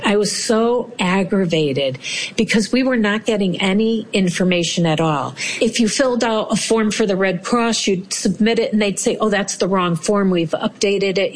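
A woman's voice: medium pitch, a little hiss or hum, rough recording. A woman, animatedly telling a personal story and acting out what people said. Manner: animated, acts out quoted voices. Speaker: interviewee telling her story.

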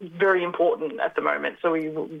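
A guest calling in to a podcast, their mid-pitched voice squeezed into a thin, tinny phone line. They hesitate often, circling through ums and restarts before landing on a point. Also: fairly even intonation, fast, gravelly. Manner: hesitant, many fillers and restarts. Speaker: community organisation representative, guest. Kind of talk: phone interview.

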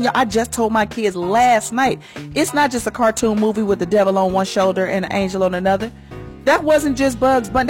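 A fervent woman giving a sermon-style message on morning radio. Her voice swings widely, dropping low and then leaping high for emphasis. She speaks with a folksy, heartfelt conviction. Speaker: radio host and church first lady.

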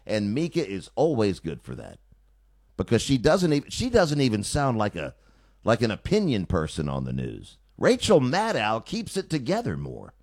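A male talk radio host delivers a sarcastic, opinionated monologue. His pitch moves in a lively way. The studio sound is close and dry. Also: moderate pace, no room sound. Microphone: studio mic.

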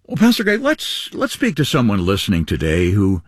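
Male co-host, husky lower voice, very animated delivery, dry close mic. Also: moderate pace, dry recording. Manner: lively, upbeat, with wide pitch swings. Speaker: radio program co-host. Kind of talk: radio ministry announcing.

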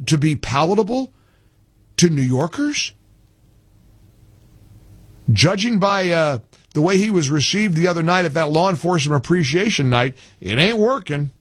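A man's voice: high-pitched, husky, no echo. An older man hosting a radio talk show, emphatic and incredulous, often repeating phrases. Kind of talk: opinionated talk radio monologue.

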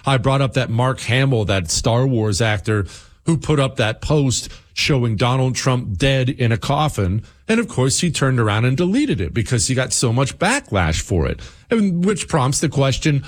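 A man's voice: mid-range voice, big pitch swings, moderate pace. A man hosting a talk show, delivering an impassioned, emphatic political commentary monologue.

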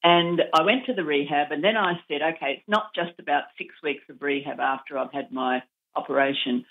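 A woman speaks down a tinny phone line in a radio interview. She is earnest and encouraging and gives listeners plain, direct advice. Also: deep voice. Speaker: advocacy group founder, interviewee.

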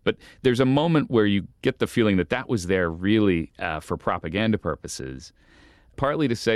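Journalist guest, very low man's voice, lively storyteller with restarts and amused asides, dry close sound. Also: moderate pace, no echo. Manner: animated, stumbling restarts, amused. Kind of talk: interview storytelling.

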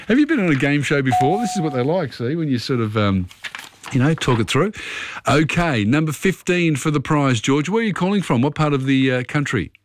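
A man hosting a radio quiz, reading questions briskly with quick asides. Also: a little high, animated. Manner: brisk, friendly quizmaster, quick asides and fillers. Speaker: radio host. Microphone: studio microphone.

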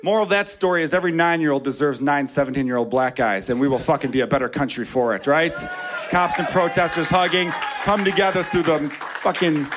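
A man on a comedy stage telling a story with animated, profane energy. His voice sits somewhat high. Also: brisk, some chatter behind. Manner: animated, profane, acts out characters. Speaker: stand-up comedian. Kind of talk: stand-up storytelling.

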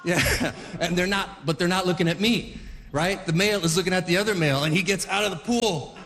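A man's voice: sits high, a little fast, big-room sound, noisy background. A man in his forties telling a rambling stand-up story, full of fillers and restarts. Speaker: stand-up comedian. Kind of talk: stand-up comedy routine.

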